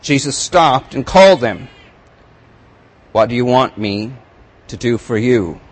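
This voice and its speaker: A male pastor preaching a sermon, reading scripture aloud with rising emphasis and then commenting in a quieter, conversational tone. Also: medium pitch, expressive, measured pace, slightly rough, rough recording.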